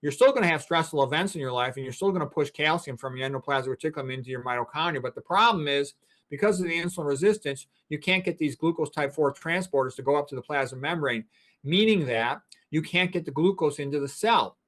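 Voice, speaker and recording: A man's voice: a little high, fast, fairly bright tone. A man in his sixties, a physician and guest, explaining things in a blunt, emphatic, lecturing way. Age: 60s. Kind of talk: interview talk.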